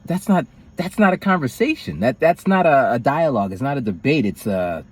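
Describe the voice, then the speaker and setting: In a rambling vlog, a man with a medium-pitched, slightly breathy voice tells a personal story at a normal pace. He's animated, acting out other people's lines in raised voices with big vocal swings.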